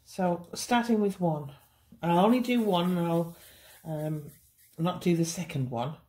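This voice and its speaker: A woman's voice: on the low side, a little slow, mellow. A woman teaching a beginners' cake decorating tutorial, chatty and reassuring. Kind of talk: hands-on baking tutorial.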